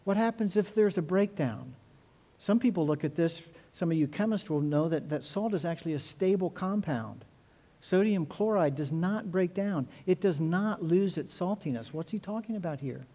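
Middle-aged male pastor, sermon, earnest and repetitive, slightly high, mellow voice. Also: animated. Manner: earnest, repeats words, stresses phrases slowly.

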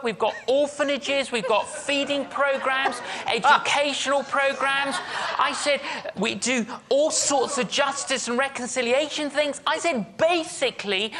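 A woman's voice: sits high, noisy background. A woman reverend telling a humorous anecdote in a sermon, acting out both sides of a conversation. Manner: storytelling, acts out both sides of a dialogue.

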